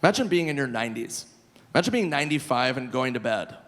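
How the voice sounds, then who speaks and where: A man in his forties performing stand-up live on a theater stage, telling stories deadpan with sudden loud outbursts. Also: mid-range voice, fast. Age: 40s. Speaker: stand-up comedian. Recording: long hall reverb, faint crowd hum.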